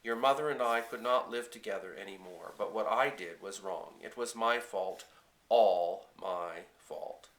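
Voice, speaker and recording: A man's voice: lowish voice, unhurried, fairly bright tone. A man reading a remorseful old grandfather.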